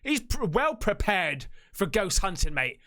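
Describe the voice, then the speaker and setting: A man casually commenting on a video, excitable and swearing often as he reacts. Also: high-pitched, unhurried. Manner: excitable, swears a lot, calls viewers mate.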